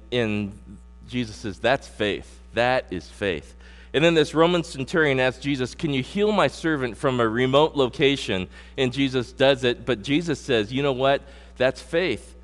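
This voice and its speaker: A middle-aged man preaches to his congregation. He hits points hard and loud, then drops low and slow to read scripture. His voice rings with a long hall reverb over a faint electrical hum. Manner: animated preaching with sudden loud emphasis and slowed scripture reading. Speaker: pastor. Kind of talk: sermon.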